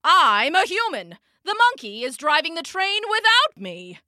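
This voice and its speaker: A panicked train engineer bellowing urgent warnings in a storybook reading, the voice high and bright and swinging widely in pitch, as a woman narrator puts him on. Dry and close, with no room sound. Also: big pitch swings, unhurried, dry recording, full character voice. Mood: frantic. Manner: shouted, urgent lines. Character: frantic male train engineer, shouting.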